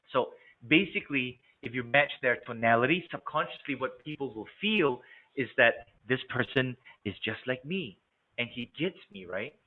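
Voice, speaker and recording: A man teaching sales techniques in an energetic, coaching way, showing how to shift his voice's tone. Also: mid-range voice. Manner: energetic, coaching, demonstrates voice tones. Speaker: sales trainer. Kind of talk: instructional talk. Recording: narrow phone-like sound.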